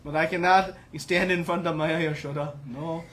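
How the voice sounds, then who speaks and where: A man voicing a boastful, mighty elder brother in a loud, blustering, scolding voice. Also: on the high side, steady tone, normal speed, natural voice.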